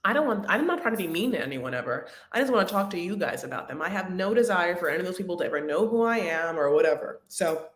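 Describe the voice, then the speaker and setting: A woman hosts a reality TV recap livestream, her lowish voice animated, fast and nearly pause-free. Her casual chat rambles, full of fillers and restarts, and the sound is roomy.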